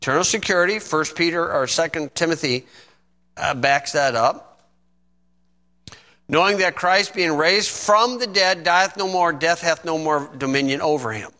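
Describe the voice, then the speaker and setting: A middle-aged man preaching a sermon, reading scripture slowly and adding folksy asides. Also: on the high side, sharp tone. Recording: long reverb in a hall.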